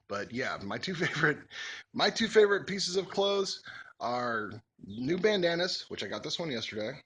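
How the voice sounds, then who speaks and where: A vlogger in his forties casually answers follower questions in a joking, rambling, folksy Q&A chat. His voice is mid-range with a sharp tone.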